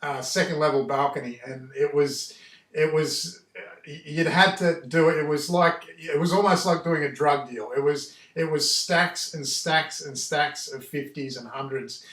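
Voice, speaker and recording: Man, middle-aged, flat delivery, rambling casual storytelling, echoey room. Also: on the high side, moderate pace, distant mic. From Australia. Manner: rambling, repeats and restarts himself. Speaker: house painter telling a story. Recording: echoey room, voice away from the mic.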